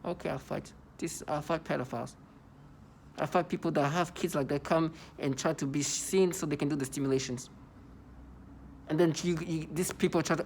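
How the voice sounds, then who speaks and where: A man's voice: a little high, moderate pace, creaky, pauses often, a little mellow, slight background noise. A man in his thirties talks straight to his audience in an agitated solo vlog. He circles back over the same phrases and trips into stammered restarts as he pushes his point. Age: 30s. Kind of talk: monologue vlog rant.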